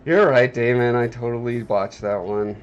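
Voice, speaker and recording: Male livestream host, wry and joking, mid-pitched voice, faint music behind. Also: fairly even intonation, normal speed, clean tone, highs cut off. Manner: joking, wry, talks to chat viewers. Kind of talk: casual chat on a livestream.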